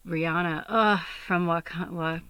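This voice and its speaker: A woman's voice: on the low side, fairly even intonation, unhurried, bright, forceful tone, smooth, no echo. A young adult woman hosting a podcast, telling an emotional personal story with many fillers, on the verge of tears and often dropping to a whisper. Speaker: podcast host and medium.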